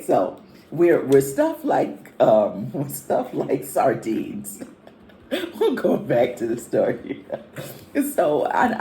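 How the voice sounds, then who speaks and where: A woman with a very low, mellow voice chats loosely about a trip. Her pitch swings widely as she rambles, and the room has a noticeable echo. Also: slight background noise. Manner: chatty, rambling, many fillers. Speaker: vlog co-host. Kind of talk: casual chat. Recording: echoey room.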